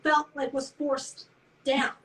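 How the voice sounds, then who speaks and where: A woman breaks into a casual chat to add quick details. Her voice is high and bright, with a sharp edge. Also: little pitch movement.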